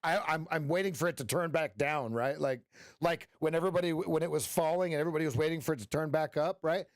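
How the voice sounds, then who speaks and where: Middle-aged man, trading coach, casual stream talk, rambling, joking, slightly high voice, dry sound. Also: fast, no room sound. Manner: rambling and joking, with frequent restarts and "right?" tags.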